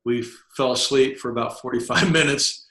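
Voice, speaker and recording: A man's voice: medium pitch, steady tone, moderate pace, bright, forceful tone, echoey room. A middle-aged man, a former Navy SEAL chief, telling a vivid first-person story on a podcast and acting out the dialogue. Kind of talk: storytelling in an interview.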